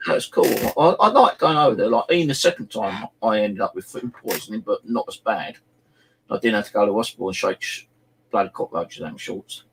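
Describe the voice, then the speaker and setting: A man's voice: fairly low pitch, brisk, slight background noise, low-quality recording. A middle-aged man chatting casually on a live stream, rambling through stories and swearing freely. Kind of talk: casual chat.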